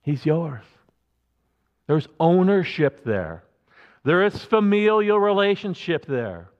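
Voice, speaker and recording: A male pastor gives a casual, emphatic sermon, often stopping and starting over mid-sentence. His voice sits a little high for a man. The recording sounds dull and carries a long reverb from the hall. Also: big pitch swings, takes it slowly, long pauses. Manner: conversational, emphatic, with many restarts.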